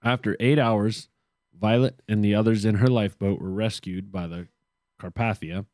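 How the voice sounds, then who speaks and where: A man co-hosting a casual podcast reads history from his notes, adding joking, sarcastic asides. His voice is fairly low, steady, and darkish at a moderate pace, recorded dry with clean studio sound.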